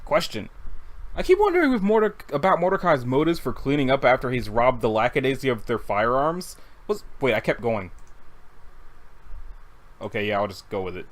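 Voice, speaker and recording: A giggly comic reader talking at a desktop mic, casual and rambling and often cutting themself off. Their pitch swings widely and stays animated, going from low asides to sudden high exclamations. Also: moderate pace, pauses often. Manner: giggly, rambling, self-interrupting. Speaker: webcomic reader. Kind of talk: casual comic read-along.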